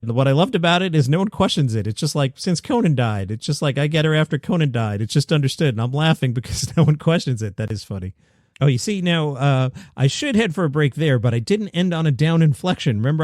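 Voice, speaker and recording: A man's voice: a little high, a little mellow, no echo, studio quality. A middle-aged man from Queens, hosting a comedy news show with wry, self-deprecating asides. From Queens, New York. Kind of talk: solo comedy news commentary.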